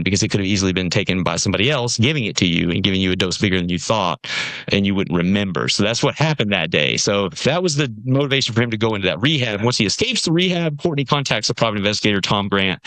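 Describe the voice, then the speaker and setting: A man spins a rambling story as a podcast guest. His pitch swings widely as he mimics the people in it. The mic is close and the room sounds dry. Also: dry recording. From Nashville, USA. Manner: animated storyteller, acts out quoted voices. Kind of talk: casual storytelling conversation.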